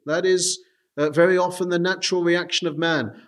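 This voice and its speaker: Earnest preacher, man, higher voice. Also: moderate pace. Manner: earnest, repeatedly addresses "dear friends"; frequent "uh" hesitations. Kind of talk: sermon.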